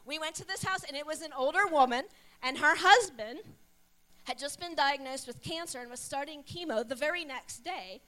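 A middle-aged woman with a high, bright voice tells a personal testimony. She tells it like a story, acting out what people said along the way. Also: normal speed. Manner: animated storytelling with acted quotes. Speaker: pastor's wife. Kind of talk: testimony sharing.

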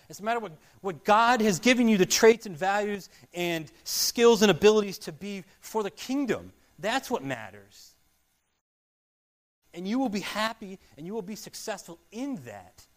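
A man preaching a sermon as a pastor, earnest and repetitive, swinging between loud emphasis and quiet asides. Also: high voice. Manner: earnest, repetitive, rising and falling loudness.

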